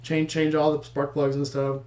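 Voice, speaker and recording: A man in casual chat who works on motorcycles as a hobby, telling his stories rapidly and acting out what each person said. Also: a little high, monotone, darkish tone, lo-fi sound. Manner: rapid storyteller acting out dialogue.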